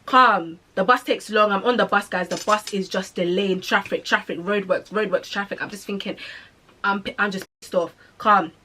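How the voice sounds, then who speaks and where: A woman's voice: mid-range voice, normal speed, sharp tone, slight background noise. A young woman in her twenties with a British accent and London slang, hosting a podcast and telling a story in casual, chatty talk to her listeners. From United Kingdom. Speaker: podcast host.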